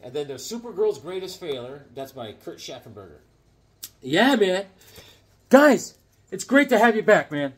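At a moderate pace and with a voice that sits high, a middle-aged collector hosts a casual comic book vlog. He's rambling and jokey, animatedly acting out voices as he shows comics and shares stories.

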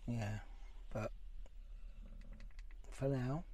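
A man's voice: medium pitch, very slow, warm tone, slight background noise. A man chatting casually while vlogging a motorhome trip, rambling with fillers as he explains things from a ferry queue. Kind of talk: casual travel chat.

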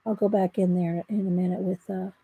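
A woman's voice: lowish voice, little pitch movement, brisk, creaky, husky, no echo, phone-quality sound. A woman, chatting casually with viewers while she draws in her home art room. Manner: chatty, thinking aloud, talks to viewers. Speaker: artist livestreaming her work. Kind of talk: casual livestream chat while drawing.

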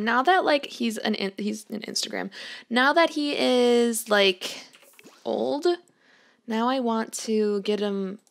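A woman's voice: medium pitch, vocal fry. A young woman chatting through a life-sim game as host, fondly talking to the characters on screen. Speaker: let's play host. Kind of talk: gameplay commentary.

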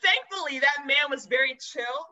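A woman zookeeper and educator, a podcast guest who tells lively, expressive stories and addresses listeners as y'all. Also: high voice, normal speed, low-quality recording. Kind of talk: animated storytelling.

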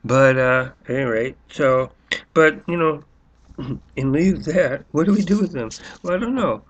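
A man's voice: on the high side, unhurried, dull audio. A man rambling through a sarcastic monologue, full of restarts and fillers. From United States. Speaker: vlogger.

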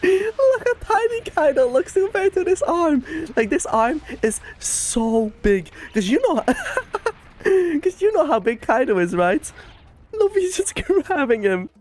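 A woman hosting an anime reaction video, excitable and gushing, breaking into laughter between exclamations. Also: high voice, takes it slowly.

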